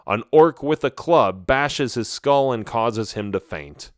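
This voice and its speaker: A man's voice: medium pitch, measured pace, clean tone, no echo. Dramatic male storybook narrator, dry sound. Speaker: audiobook narrator.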